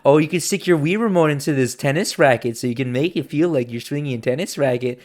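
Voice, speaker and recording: A man's voice: a little high, quick pace, darkish tone. A young man co-hosting a podcast, casually chatting, joking and swearing a lot. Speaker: podcast co-host. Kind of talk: casual chat.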